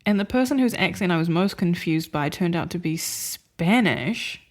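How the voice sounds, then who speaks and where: With a lowish voice, lively intonation and a moderate pace, this podcast co-host chats freely about films she watched, rambling along with many fillers and regular bursts of laughter.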